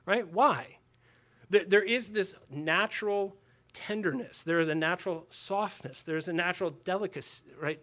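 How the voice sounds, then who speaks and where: A man's voice: sits high, moderate pace, a bit bright. A man preaching to a group of men, conversational, with rhetorical questions and phrases said twice. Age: adult with a daughter and wife. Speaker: pastor. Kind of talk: sermon to a men's gathering.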